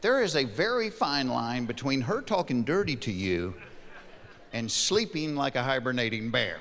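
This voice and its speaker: Deadpan male comic in a big hall. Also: mid-range voice, moderate pace, a little hiss or hum. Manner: deadpan storytelling with repetitive punchlines. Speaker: stand-up comedian. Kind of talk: stand-up comedy.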